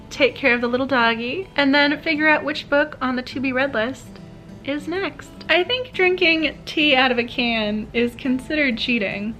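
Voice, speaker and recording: A woman's voice: high-pitched, pushed and bright, poor audio. A woman keeping a casual video diary at home, chatting and gushing about the books she is reading and checking in on the time. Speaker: book vlogger.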